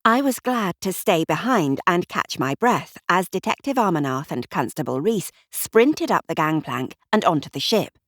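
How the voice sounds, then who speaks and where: A woman reads a mystery audiobook aloud. Her voice sits a little low, but her intonation is very lively, and the recording is dry with no room sound. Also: moderate pace, few pauses, dry recording. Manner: expressive storytelling. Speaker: narrator. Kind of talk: audiobook narration.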